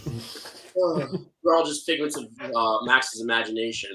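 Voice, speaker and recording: A man's voice: mid-range voice, measured pace, pushed and bright, roomy sound, slight background noise, rough recording. A man co-hosting a film review podcast, recapping the plot in a mock-serious, dryly sarcastic way.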